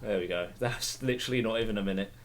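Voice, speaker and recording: A man's voice: fairly low pitch, fast talker. A man chatting casually over a game, giving short offhand replies. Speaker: co-commentator. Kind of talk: casual chat over gameplay. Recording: loud background noise with clicks.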